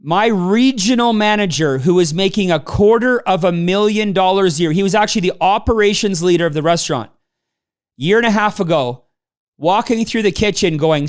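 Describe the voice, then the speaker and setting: A man's voice: high-pitched, moderate pace, clean tone. A man giving a motivational business talk to a live audience, telling personal stories and acting out the people in them. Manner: storytelling, acts out quoted people. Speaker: business trainer.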